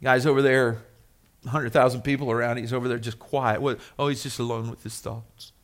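Male pastor, mid pitch, conversational sermon that swells emphatic and drops soft. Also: steady tone, brisk. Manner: conversational, rising to emphatic then dropping soft.

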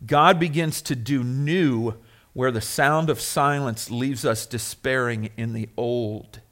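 A man preaching a sermon as a pastor, conversational, rising to emphatic stretches and dropping soft. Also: mid-range voice, slow.

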